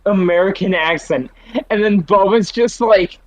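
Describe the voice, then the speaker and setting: A man chatting casually as a podcast host, swearing often and reacting quickly. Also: sits high, no room sound, low-quality recording. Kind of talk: casual chat.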